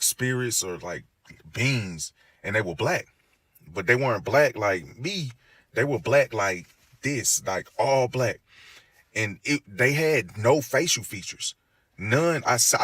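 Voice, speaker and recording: Man, middle pitch, casual storyteller, animated, voices the people in his story, dry close sound. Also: dry recording. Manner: loose, full of "like" fillers and restarts.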